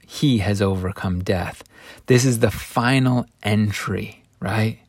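A man's voice: on the low side, slow, no echo, studio quality. A man teaching a Bible lesson, retelling the story in a conversational way with folksy asides. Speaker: scripture teacher.

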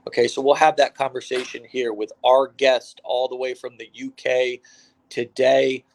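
Energetic American man hosting by phone. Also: mid-range voice, moderate pace, creaky. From United States. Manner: energetic, hype opening, many fillers and restarts. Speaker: host. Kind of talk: casual online interview.

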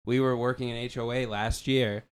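A man guesting on a casual podcast, telling work stories in loose, profane chat. His voice is smooth and clean, sitting at a middle pitch. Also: little pitch movement, fairly quick. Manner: loose storyteller who swears often.

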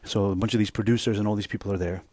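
Husky-voiced man telling a rambling story. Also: lowish voice, very fast, dry recording. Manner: rambling, profane, animated retelling. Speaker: podcast host. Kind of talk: casual storytelling.

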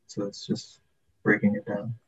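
A man in a casual chat, speaking dryly and matter-of-factly. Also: moderate pace. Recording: dull lo-fi sound.

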